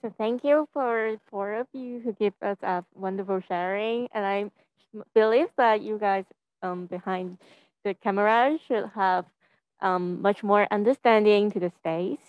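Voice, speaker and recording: A woman's voice: mid-range voice, clean tone, no room sound, dull audio. A woman hosting a student event, speaking politely and formally with small hesitations. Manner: polite, formal, slightly halting.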